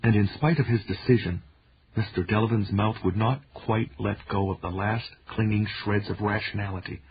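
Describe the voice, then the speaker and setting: A man reading a novel aloud in an even, measured storytelling manner. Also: lowish voice. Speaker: narrator. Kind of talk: audiobook narration. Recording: dull lo-fi recording with faint hiss.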